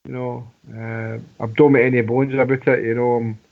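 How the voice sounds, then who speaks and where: A man in his sixties on a fan radio phone-in, halting and plain-spoken. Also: medium pitch, little pitch movement, creaky. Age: 60s. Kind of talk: casual fan radio chat. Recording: tinny phone line.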